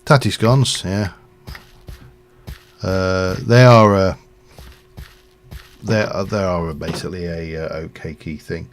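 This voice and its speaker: A man's voice: deep voice, fairly even intonation, slow pace, long pauses. A middle-aged man, chatting in a rambling way while he livestreams a game. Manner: rambling, chatty, with fillers and chuckles. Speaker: live streamer. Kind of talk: casual chat while playing a game.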